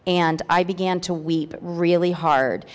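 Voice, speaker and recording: A woman's voice: fairly low pitch, measured pace, big-room sound. A woman reading her personal testimony aloud at a church meeting, earnest and heartfelt, with hesitant fillers. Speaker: church member sharing a testimony.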